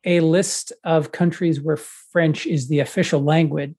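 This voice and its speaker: A man's voice: a little high, fairly even intonation, moderate pace, mellow, slightly rough. Wry, teasing male podcast co-host. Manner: wry, teasing, mock-dramatic. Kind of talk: casual banter.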